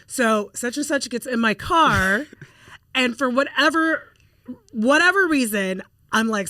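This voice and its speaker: A woman in her forties co-hosting a podcast, telling animated stories in casual chat and acting out the quotes. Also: on the high side, slow, dry recording, clean studio sound. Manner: animated storyteller, acts out quotes. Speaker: podcast co-host.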